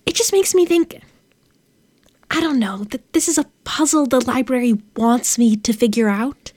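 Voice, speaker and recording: An actress playing a curious young librarian who keeps lists of creatures, speaking eagerly and persistently. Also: female voice, fairly high pitch, normal speed, a little mellow, close to an everyday voice. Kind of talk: audio drama dialogue.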